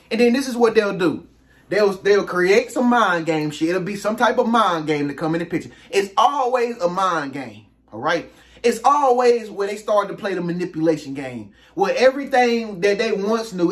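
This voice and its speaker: A man hosting his own video, giving a casual, slangy motivational monologue with emphatic rhetorical questions. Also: sits high. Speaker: self-help video host.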